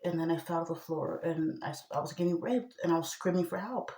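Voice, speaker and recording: Agitated woman rambling in a roomy echo. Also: fairly quick. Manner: agitated, swings between low murmur and loud outbursts. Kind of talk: rambling personal monologue to camera.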